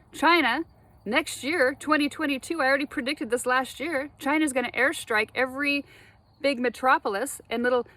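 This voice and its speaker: A woman talking straight to her viewers in a rambling spiritual monologue, animated, laughing often and swearing freely. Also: high-pitched, dry recording. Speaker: spiritual vlogger.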